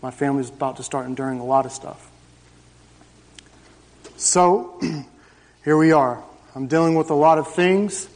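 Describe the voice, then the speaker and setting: In a reverberant church hall, a man in his thirties shares his personal testimony with the congregation during a service. His voice sits a little high, and he speaks at a measured pace, pausing often. His storytelling is emphatic yet conversational.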